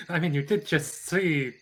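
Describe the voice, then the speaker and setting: A man playing a calm, devout woodcarver. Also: on the high side, a little hiss or hum, low-quality recording. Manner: thoughtful, hesitant with many uhs. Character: calm gentle man, whittling, devout nature worshipper. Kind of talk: in-character tabletop role-play.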